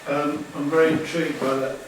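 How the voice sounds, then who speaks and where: A man's voice: a little high, flat delivery, a little fast, a crowd in the background. A man in the audience asking a question hesitantly, searching for his words. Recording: very echoey room, far from the mic, audible hiss.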